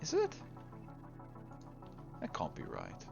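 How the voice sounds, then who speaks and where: Chatty, animated man playing a game. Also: rumbling low, takes it slowly, gravelly. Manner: chatty, exasperated at the game, laughs at himself, hums tunes. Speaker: gameplay commentator. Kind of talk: casual let's-play commentary. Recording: slightly dull lo-fi recording with faint music.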